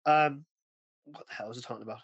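A man's voice: medium pitch, fast, slightly rough, no echo, highs cut off. A man hosting a podcast in casual chat, rambling and chatty, often restarting sentences. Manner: rambling, chatty, often breaks into acted quotes. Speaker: podcast host.

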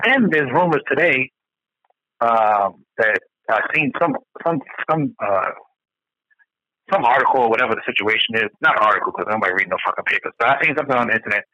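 Man ranting and cussing on a podcast, sharp bright voice, dull dry lo-fi sound. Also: mid-range voice, no room sound. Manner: profane, emphatic ranting. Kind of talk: casual chat.

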